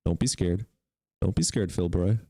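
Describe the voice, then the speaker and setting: A man's voice: deep voice, normal speed, dark tone, dry recording, studio quality. A young man hosting a livestream debate, mocking chat and callers with swearing and bursts of laughter. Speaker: streamer hosting call-in debates.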